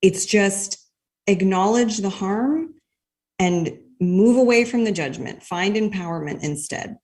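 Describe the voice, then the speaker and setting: A woman guest explaining her ideas in a thoughtful, measured way during a conversation. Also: medium pitch, a little mellow. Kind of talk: conversational interview.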